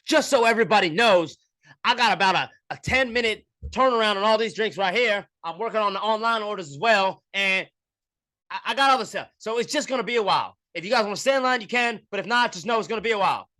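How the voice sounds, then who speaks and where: A man voicing a frazzled young woman working as an airport barista, talking in a high, rushed, whiny way. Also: animated, bright, forceful tone. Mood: announcing.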